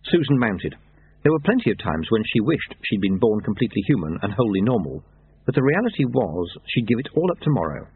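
A man reading a story aloud in a dry, measured narration, over tinny narrowband audio. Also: fairly low pitch, sing-song, slightly rough.

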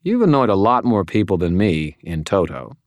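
A man's voice: low voice, very animated, moderate pace, no room sound, voice pushed up. A man voicing a blunt, tough female police officer in an audiobook, curt and dry. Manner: curt, dry, raised and tighter than the narration. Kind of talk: audiobook character voice.

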